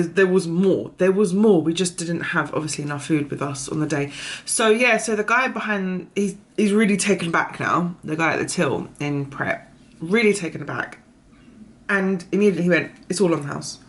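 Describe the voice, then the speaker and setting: A young mother, chatting casually in a vlog and rambling through a story full of "I was like" asides. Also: low-pitched. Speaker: vlogger.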